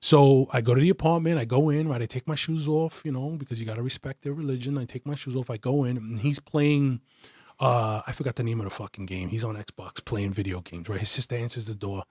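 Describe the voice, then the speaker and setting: A man, a retired detective as a podcast guest, telling a story in a casual, profane, animated way. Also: mid-range voice, fairly quick, no echo, clean studio sound. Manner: profane, animated, acts out quoted voices.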